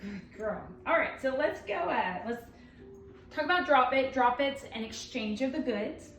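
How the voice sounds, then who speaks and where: A woman dog trainer explaining a training demonstration while playing, switching between excited praise and firm commands. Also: high voice, unhurried, roomy sound, distant mic, a little hiss or hum.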